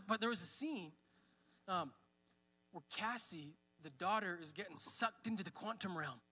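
A man's voice: sits high, expressive, normal speed, sharp tone, breathy edge, big-room sound. A man in his thirties preaching a sermon at church, conversational, with fillers. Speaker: pastor. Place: church hall.

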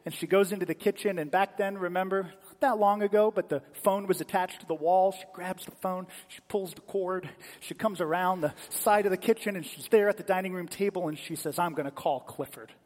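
A male pastor giving a sermon as animated, dramatic storytelling in a church sanctuary. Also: sits high, a little fast, hardly any pauses, long reverb tail.

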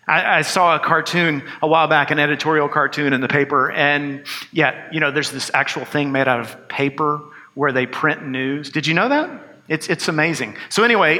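A man preaching with an earnest, conversational delivery and dry, joking asides. His voice sits a little high and sounds bright and forceful. It rings out with the long reverb of a big hall. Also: normal speed. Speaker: pastor. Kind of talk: sermon.

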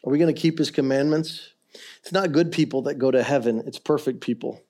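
A middle-aged man preaching a sermon as pastor, swinging between quiet earnest stretches and loud, impassioned ones. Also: mid-range voice, a little fast.

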